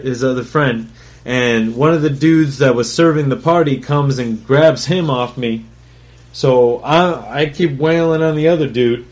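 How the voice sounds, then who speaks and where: A man, a chef and podcast host, telling a story in a blunt, profane, boastful way and rambling with fillers and restarts. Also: medium pitch. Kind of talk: casual solo storytelling.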